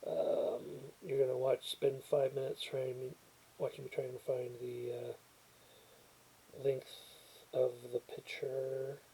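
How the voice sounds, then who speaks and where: A man's voice: mid-range voice, completely flat delivery, takes it slowly, warm tone, slight background noise, poor audio. A man chatting casually at home into his laptop webcam, rambling and self-deprecating, with frequent restarts as he reads a movie's cover blurb aloud. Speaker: movie reviewer. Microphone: built-in webcam or laptop mic, new mic not set up.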